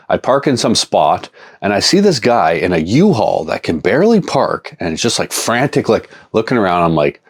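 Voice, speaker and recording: A man hosting a casual vlog, telling a rambling, profane, sarcastic story about buying a collection. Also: sits low. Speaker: comic shop owner and video host.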